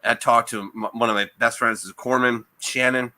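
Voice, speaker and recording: A man's voice: medium pitch, level tone, moderate pace, sharp tone. A man hosting a podcast, telling stories in a loose, casual way with plenty of swearing. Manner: loose, profane storytelling. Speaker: podcast host. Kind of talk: casual chat.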